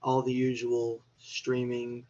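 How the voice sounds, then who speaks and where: A man from North Carolina with a Southern accent, a podcast guest talking in a hesitant, low-key way. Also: completely flat delivery, slow, mellow, highs cut off. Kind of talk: casual chat.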